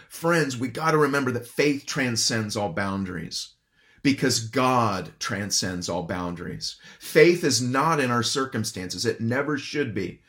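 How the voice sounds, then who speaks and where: A man's voice: medium pitch, normal speed, a bit bright. A man preaching an expository sermon, earnest and emphatic, asking his listeners questions. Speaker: pastor.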